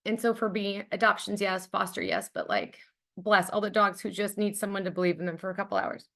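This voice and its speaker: A woman's voice: medium pitch, lively intonation, a little fast, vocal fry, a bit bright. A woman giving a conversational webinar presentation about a dog charity program, enthusiastic and heartfelt, with frequent ums and likes.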